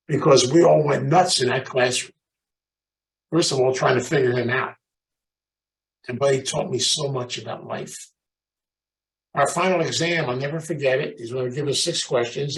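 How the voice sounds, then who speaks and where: A man giving an animated, storytelling talk at a recovery meeting, chatting with the audience. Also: medium pitch, far from the mic, low-quality recording. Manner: animated, emphatic, chatty, calls out audience members. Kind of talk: motivational storytelling talk to a live group.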